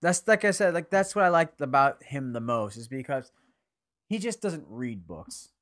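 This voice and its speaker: A young man co-hosting a casual anime podcast, animated and profane, often acting out characters' lines. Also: medium pitch, normal speed. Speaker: podcast co-host. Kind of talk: casual anime review chat.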